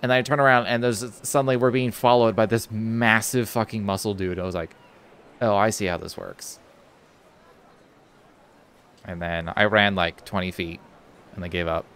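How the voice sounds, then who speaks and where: Slightly low and smooth, with a steady, fairly bright tone, a young man's voice moves a little fast as he streams a video game. He tells a loose, casual story, often restarting, leaning on filler words, and swearing offhandedly.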